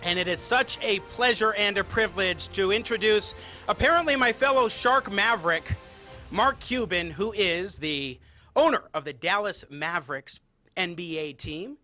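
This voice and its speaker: Upbeat bright-voiced male host. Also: high-pitched, moderate pace, faint music behind. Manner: upbeat, enthusiastic. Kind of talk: podcast talk show.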